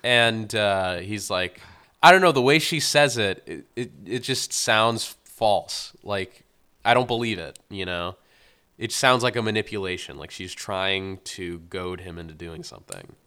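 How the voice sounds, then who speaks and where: A man's voice: fairly low pitch, measured pace, sharp tone, smooth. A man co-hosting a podcast, casually reviewing a film and retelling scenes with exasperated, acted-out quotes. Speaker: podcast co-host.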